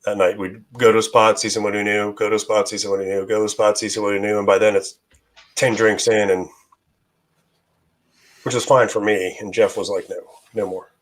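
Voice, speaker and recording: Guest, male, lowish pitch, hoarse and fading, rambling delivery. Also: little pitch movement, fairly quick. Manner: rambling with many fillers and restarts. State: losing his voice. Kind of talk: casual chat.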